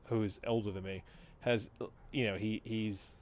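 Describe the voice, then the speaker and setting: Low-voiced man telling a rambling story. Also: steady tone, a little slow, darkish tone. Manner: rambling storyteller, laughs often, swears casually. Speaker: podcast co-host. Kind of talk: casual chat.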